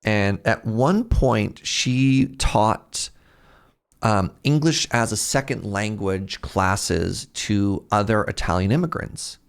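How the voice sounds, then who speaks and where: A man hosting a game livestream, chatting casually as he plays. He talks at a slow, easy pace with a gravelly fry in his voice. He reads chat messages aloud and reacts to them as he goes. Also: lowish voice. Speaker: game streamer.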